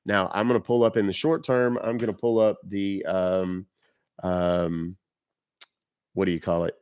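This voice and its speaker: A man's voice: low-pitched, steady tone, unhurried, a little mellow, clean tone, no room sound, muffled recording. A middle-aged man hosting a casual live stream, loose and joking, swearing freely, coughing and sniffling now and then. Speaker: livestream host baiting scammers.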